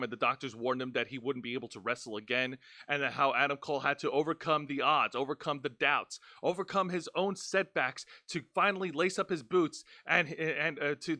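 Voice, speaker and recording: A man hosting a casual wrestling review podcast, talking in an animated, jokey, rambling way. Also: medium pitch, no room sound, clean studio sound. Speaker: podcast host.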